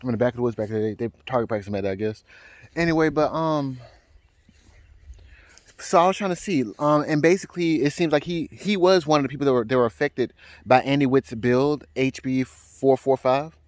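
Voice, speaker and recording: Male vlogger, rambling and hesitant, mid-pitched, dry sound. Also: a little fast, a little mellow, no room sound. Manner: hesitant, many ums and restarts. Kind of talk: rambling casual vlog. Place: outdoors, then indoors at home.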